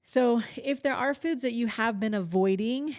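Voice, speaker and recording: A woman's voice: a little high, normal speed, darkish tone. A woman in her thirties, a fitness resort coach, giving a casual, candid talk on journal prompts, often restarting and reassuring the listener. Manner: thinking aloud with frequent restarts and fillers.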